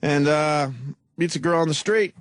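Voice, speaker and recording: A man's voice: on the high side, moderate pace, dry recording, studio quality. Blunt, profane male radio co-host. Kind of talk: casual radio talk. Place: radio studio. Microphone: studio mic.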